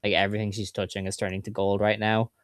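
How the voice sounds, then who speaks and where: A man's voice: on the low side, little pitch movement, fast, smooth, no room sound, clean studio sound. A man co-hosting a podcast, chatting casually and recapping results in enthusiastic detail. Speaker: podcast co-host. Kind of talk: casual chat.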